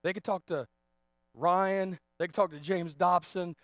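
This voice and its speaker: A man in his thirties preaching a sermon as pastor, animated and repetitive, joking with the congregation. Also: high-pitched, measured pace, no room sound, clean studio sound. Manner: animated, repeats words, jokes with congregation.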